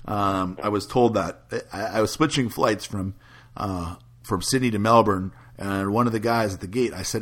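A man's voice: lowish voice, moderate pace, a bit bright. A man chatting casually as a podcast host, telling a rambling story with many restarts and frequent laughs. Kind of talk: casual chat.

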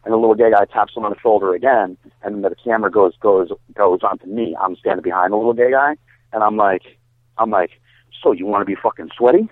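Fairly low in pitch and steady in tone, the man talks fast as a bodybuilder guest telling a loose, rambling story full of fillers and swearing. It's a dry recording with a tinny, phone-like quality.

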